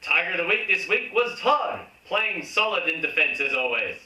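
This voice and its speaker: Aussie guy reading out the footy recap, fairly high lively voice, kinda far from the mic. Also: moderate pace. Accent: Australian. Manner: reads match summary in mock-formal tone. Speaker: host. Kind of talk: mock match commentary. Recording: roomy room, distant mic.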